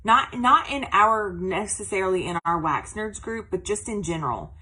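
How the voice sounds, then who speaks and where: Chatty woman, bright husky voice. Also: medium pitch, lively intonation, poor audio. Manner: chatty, fillers and drawn-out "um"s. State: out of breath. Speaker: direct sales consultant. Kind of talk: casual live-stream talk.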